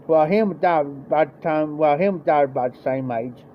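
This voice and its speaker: A Midwestern American man tells a rambling, folksy story on a live stream, acting out the voices of the people in it. His voice is a little high, his pace moderate, with hardly any pauses. The stream audio is dull and lo-fi, with faint noise.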